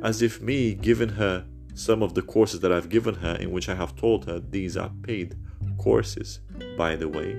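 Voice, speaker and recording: Gravelly deep-voiced man ranting. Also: moderate pace, darkish tone, soft background music. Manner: bitter, rambling, swears heavily. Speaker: podcaster. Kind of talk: personal rant. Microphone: phone.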